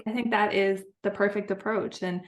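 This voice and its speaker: A woman's voice: medium pitch, steady tone, normal speed. Conversational woman podcast host. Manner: conversational, empathetic, sharing own experience. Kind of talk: podcast interview.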